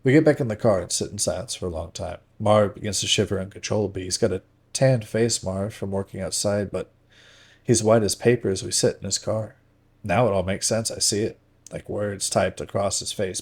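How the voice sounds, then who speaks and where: A man reading a first-person novel aloud on a stream, measured and dramatic, often sinking to hushed tones. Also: lowish voice, fairly even intonation, creaky, husky.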